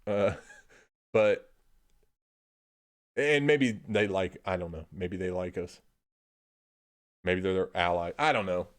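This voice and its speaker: A man's voice: low-pitched, takes it slowly, long pauses. A young man from Indiana streaming casual rambling chat, laid-back, swearing freely and trailing off into "I don't know.". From Indiana, USA.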